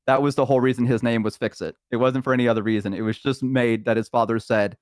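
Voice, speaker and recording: A man's voice: mid-range voice, steady tone, fast, hardly any pauses, clean tone, no room sound, clean studio sound. A man on a voice call in casual chat, telling a long roleplay story with many fillers and little acted voices. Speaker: guest on a stream.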